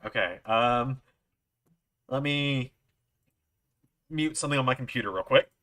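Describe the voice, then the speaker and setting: Male streamer, mid-pitched, casual rambling storyteller, lots of fillers. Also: lively intonation, unhurried, bright, forceful tone. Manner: rambling, frequent fillers and "I'm like" asides. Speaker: livestream host. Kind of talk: casual storytelling to a live chat.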